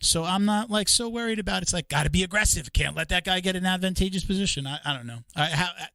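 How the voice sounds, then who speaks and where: Male host, 50s, slightly high voice, dry close mic; rambling chat with acted-out quotes. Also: fast, gravelly, no room sound. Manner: animated storyteller, acts out quotes of others; rambling, many restarts. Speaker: podcast host. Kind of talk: casual chat.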